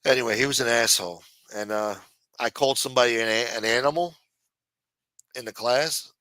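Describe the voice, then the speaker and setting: A New York man with a matching accent hosts a late-night show, delivering a rambling, sarcastic, casual monologue laced with swearing. His voice is mid-range and sharp in tone, moving fairly quickly, with no room sound.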